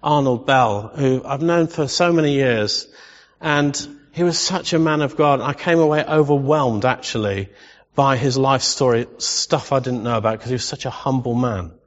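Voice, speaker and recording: A man preaching a sermon as pastor, impassioned, rising to loud exclamations and sometimes emotional. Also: mid-range voice, normal speed. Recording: dull lo-fi sound with long reverb.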